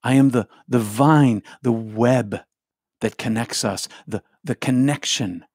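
Male spiritual teacher, unhurried and incantatory, close dry sound. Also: medium pitch, breathy edge, no echo. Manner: slow, repetitive incantatory phrasing, often dropping to a hush. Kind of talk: reflective spiritual talk.

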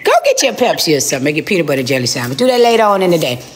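Sassy lady on a live stream roasting somebody on the phone, low voice, big swoopy delivery. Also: very animated, a little hiss or hum. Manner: sassy, scolding, drawn-out emphasis. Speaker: live-stream host making prank calls. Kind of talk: brash comic phone roasting.

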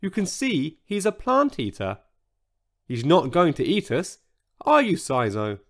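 A man's voice: on the high side, huge pitch swings, a little slow, a bit bright, heavily acted. A man voicing a kind, motherly female iguanodon in a children's storybook. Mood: kindly. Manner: kind, coaxing.

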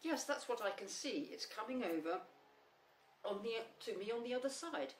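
A woman voicing a simple, kindly teddy bear who talks in a gentle, earnest way. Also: fairly high pitch, lively intonation, normal speed, voice pushed up, close to an everyday voice. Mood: eager. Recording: roomy, slightly distant, faint hum.

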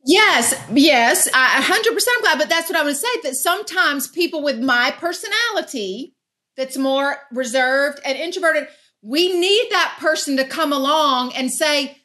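A woman guest in a casual chat, speaking gently and reflectively with slight hesitation. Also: high-pitched. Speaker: guest, longtime friend.

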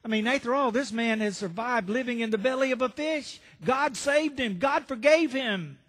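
Male pastor, sermon storyteller, high voice; reverberant sanctuary. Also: normal speed, a bit bright. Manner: storytelling, rhetorical questions to the congregation. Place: church sanctuary. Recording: reverberant church hall.

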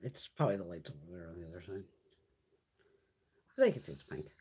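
A woman's voice: rumbling low, sing-song, fairly quick, warm tone, breathy edge. A woman hosting a casual live stream, telling stories bluntly with plenty of swearing and frequent laughter. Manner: blunt, heavily profane storyteller; laughs often while talking. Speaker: livestream host.

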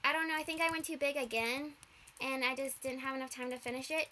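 Young woman gamer, high voice, freaking out and rushing while she plays, lots of sorrys. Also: steady tone, bright, forceful tone, slight background noise. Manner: flustered, rushed, apologetic, giggly. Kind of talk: live gameplay commentary.

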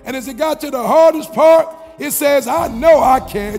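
A man giving an energetic motivational commencement speech in a call-and-response style, with playful sound effects. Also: very high voice, normal speed, creaky, few pauses, long reverb tail, faint music behind. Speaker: motivational speaker.

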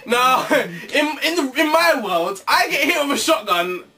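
Jokey, bright-voiced young man. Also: extremely high pitch, animated, a little slow, recorded from a distance. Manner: swearing, jokey, laughs often. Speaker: co-host. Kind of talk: casual chat. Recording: faint background hiss.

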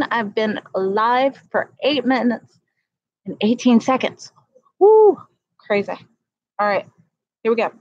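A woman's voice: a little high, dry recording, muffled recording. Earnest woman praying on a livestream. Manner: earnest, repeats phrases for emphasis. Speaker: livestream host sharing a prophetic word. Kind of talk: casual faith talk and spoken prayer.

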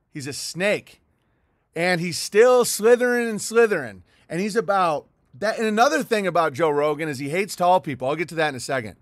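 A man's voice: high-pitched, a bit bright, no echo, clean studio sound. Heated middle-aged man ranting. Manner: heated, profane, rambling with restarts. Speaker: livestream host. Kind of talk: rambling livestream monologue reading viewer chats.

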